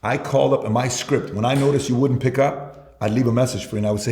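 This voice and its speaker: A man's voice: medium pitch, steady tone, fast, darkish tone. A man, a guest entrepreneur, giving advice in casual conversation, emphatic and repeating his key points. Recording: roomy echo.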